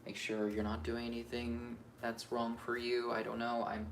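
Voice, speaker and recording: A man's voice: mid-range voice, completely flat delivery, moderate pace, few pauses, a little hiss or hum. Frustrated man venting, swearing freely. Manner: frank, profane venting; restless, self-questioning rambling. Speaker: astrologer. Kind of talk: unscripted astrology vlog monologue.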